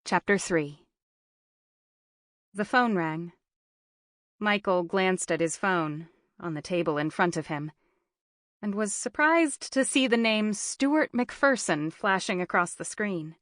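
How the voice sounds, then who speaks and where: A woman narrating a thriller audiobook in a measured, even storytelling manner on a close studio mic. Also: mid-range voice, no echo.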